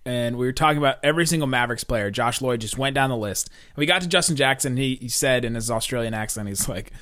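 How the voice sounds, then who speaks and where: A man's voice: medium pitch, quick pace, pushed and bright. A man co-hosting a sports podcast, talking casually and laughing between points. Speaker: podcast co-host.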